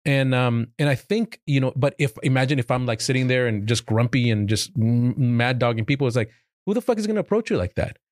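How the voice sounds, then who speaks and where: A man's voice: mid-range voice, expressive, brisk, darkish tone. A man hosting a casual group podcast chat, talkative and swearing easily. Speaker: podcast host.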